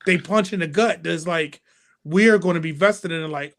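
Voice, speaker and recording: A man co-hosting a wrestling talk show, talking in an animated way and acting out fan reactions. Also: on the high side, normal speed. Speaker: podcast co-host. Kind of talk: casual chat.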